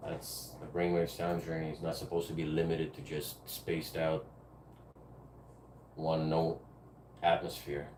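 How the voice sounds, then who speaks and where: A man's voice: a bass voice, completely flat delivery, measured pace, long pauses, darkish tone, far from the mic, a little hiss or hum. A man chatting casually to his viewers during a music livestream, laid-back and chuckling. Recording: roomy, off-mic, music behind. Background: faint music.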